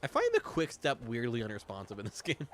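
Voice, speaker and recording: A man's voice: mid-range voice, wildly swooping pitch, fairly quick, a bit bright. A young man chatting casually while streaming a game, rambling and swearing freely. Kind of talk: casual gameplay commentary.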